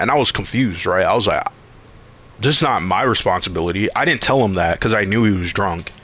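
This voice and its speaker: Speaking briskly in a lowish, expressive voice with a slight brightness, this game streamer spins a long, meandering tale. He swears a lot and raises his voice to act out what people said, chatting casually between moves.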